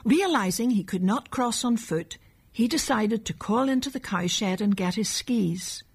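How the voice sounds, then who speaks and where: A woman narrating a children's storybook in a gentle, measured way. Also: fairly high pitch, lively intonation, breathy edge.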